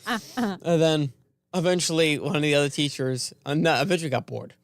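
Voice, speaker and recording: A man's voice: on the high side, fairly quick, no room sound. A young man co-hosting a casual podcast, telling a rambling story and acting out the voices of the people in it. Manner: rambling storyteller who acts out quoted voices. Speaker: podcast co-host. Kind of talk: casual chat.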